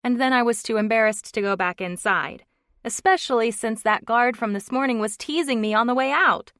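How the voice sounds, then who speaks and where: Woman reader doing a high, loud, indignant young pregnant woman in an audiobook, dry close read. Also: very animated, no room sound. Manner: exasperated, rapid outbursts. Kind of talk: audiobook character reading.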